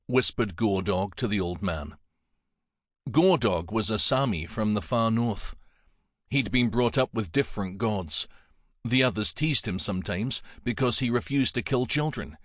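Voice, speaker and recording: A man narrating an audiobook in a measured, dramatic storytelling manner. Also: on the low side, dry recording, clean studio sound.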